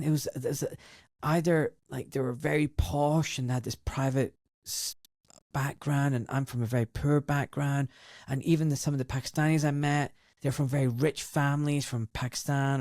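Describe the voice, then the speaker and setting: A Scottish man in his fifties, a doctor and former surgeon, telling his story in an interview in a lively, outspoken way and acting out the voices he quotes. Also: on the high side, no echo, clean studio sound. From Glasgow, Scotland.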